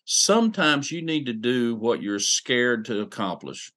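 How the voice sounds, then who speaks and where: A man's voice: medium pitch, very animated, measured pace, bright, forceful tone. A man hosting a podcast, talking in an earnest, encouraging way and telling stories in a casual chat. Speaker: podcast host.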